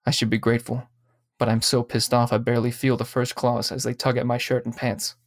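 A man reading short fiction aloud in a steady, even storytelling manner. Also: mid-range voice, fairly quick, dry recording, clean studio sound. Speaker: story reader. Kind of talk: scripted narration.

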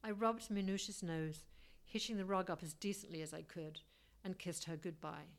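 Woman narrating a story, lowish voice. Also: steady tone, normal speed. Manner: wry, lightly humorous first-person telling. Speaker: audiobook narrator.

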